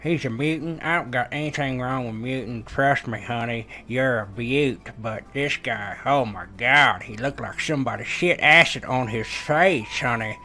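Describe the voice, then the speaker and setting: A man's voice: medium pitch, very slow, hardly any pauses, sharp tone, faint music behind, full character voice. A man voicing a lonely, toothless old man who rambles in a gummy, folksy drawl. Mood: rambling lonely. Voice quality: gummy, lisping, toothless mumble.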